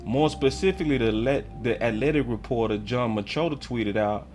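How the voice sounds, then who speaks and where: A man's voice: mid-range voice, moderate pace, a little mellow, faint music behind. A man hosting a casual sports fan livestream, talking in slang and often getting heated and ranting. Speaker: sports channel host.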